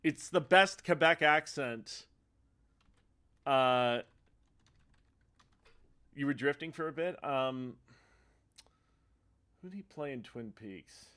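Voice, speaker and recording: A man's voice: medium pitch, lively intonation, slow, long pauses, a bit bright, clear, resonant tone. A man streaming a retro game live, chatting casually in a rambling way and laughing often. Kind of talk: casual chat over gameplay. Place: home streaming setup.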